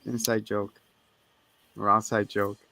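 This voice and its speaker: A man's voice: on the low side, vocal fry, sharp tone, no echo. A man co-hosting a casual movie review podcast, joking around, laughing often and swearing freely. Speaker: podcast co-host.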